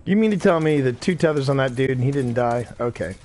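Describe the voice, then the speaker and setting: A middle-aged man who sounds worn out streams a game, his mid-range voice animated, quick-paced and a little mellow. Between reactions to the play he drifts into casual, rambling chat and says things more than once.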